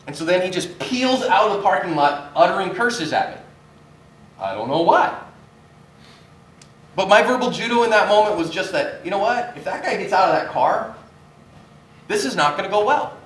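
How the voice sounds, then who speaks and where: A man's voice: high-pitched, expressive, normal speed, pauses often, fairly bright tone. A man in his forties teaching a self-defense class, talking in a conversational, storytelling way to a live group. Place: church meeting room. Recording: echoey room, distant mic, faint noise.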